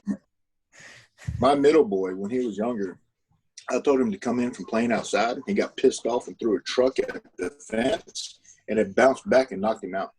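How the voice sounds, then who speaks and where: Dude on a podcast, husky voice, cusses a lot, pitch jumping all over. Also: male voice, very animated, moderate pace, a little mellow, poor audio. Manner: profane, loose. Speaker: podcast guest. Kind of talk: casual chat.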